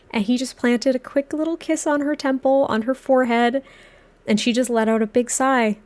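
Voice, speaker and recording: A woman's voice: high-pitched, steady tone, normal speed, a little mellow. A woman casually narrating a life-sim game story, chatting to her viewers with lots of fillers. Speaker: Sims story let's-player.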